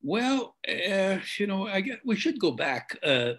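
Older man telling stories, husky and halting. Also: high voice, very animated, a bit bright, poor audio. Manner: halting, many fillers and restarts, clears throat. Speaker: actor guest. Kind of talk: interview storytelling.

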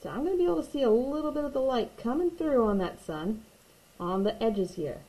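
A woman's voice: fairly high pitch, expressive, fairly quick, dark tone, low-quality recording. A woman teaching a watercolor painting tutorial, patient and reassuring, repeating her key points. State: hiccups. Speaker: art teacher.

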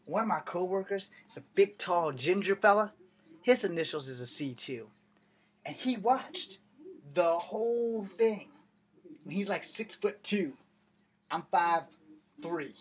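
A young man doing stand-up storytelling in an animated, profane, conversational way. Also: sits high, slow, long pauses. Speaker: comedian.

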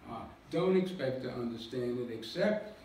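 A man's voice: mid-range voice, animated, moderate pace, darkish tone, a little hiss or hum. A man giving a public lecture with slides, explaining step by step and poking fun at himself. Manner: jokey, self-deprecating, explains with slides. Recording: echoey hall recording from far off.

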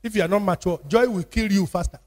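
A man's voice: high voice, fast talker. A man with a Nigerian accent preaching a sermon as pastor, repeating phrases and calling on the congregation to answer. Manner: call-and-response preaching with repetition. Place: church. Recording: church hall with long reverb.

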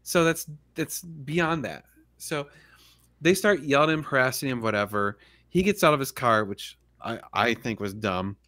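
A man's voice: medium pitch, normal speed, pushed and bright. A man hosting a casual livestream chat, talking in a laid-back, rambling way and laughing often. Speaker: podcast host.

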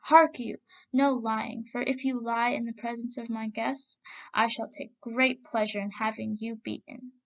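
A woman's voice: a little high, steady tone, a little slow, gravelly. A woman reading the part of a proud, demanding male mandarin official, commanding and mocking in manner. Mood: scornful. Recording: dull lo-fi recording.

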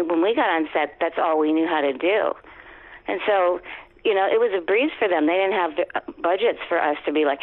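A woman in her fifties, a guest actress, telling stories in a chatty, animated way and acting out quoted lines. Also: on the low side. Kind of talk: casual interview storytelling. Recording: tinny phone line.

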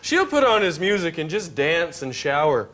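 A man with a high voice runs a mock interview on a comedy morning show. He asks absurd questions in a playful, straight-faced way. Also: big pitch swings, moderate pace, a bit bright. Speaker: co-host.

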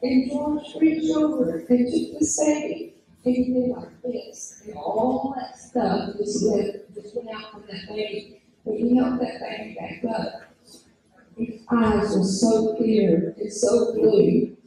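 A woman tells her testimony to a church meeting, earnest and storytelling, often circling back to repeat herself. Her voice is very dark and mellow. The sound rings through a very echoey church hall. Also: fairly high pitch, takes it slowly. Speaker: speaker at a women's church meeting. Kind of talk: personal testimony. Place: church sanctuary.

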